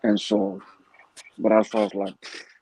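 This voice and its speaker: A man tells a story in a husky, gravelly voice. His pitch rises and falls in a lively way as he talks. The tone is loose, streetwise and full of cursing. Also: a little slow, no echo, low-quality recording. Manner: animated, profane, streetwise slang. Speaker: guest telling a story. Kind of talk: casual storytelling.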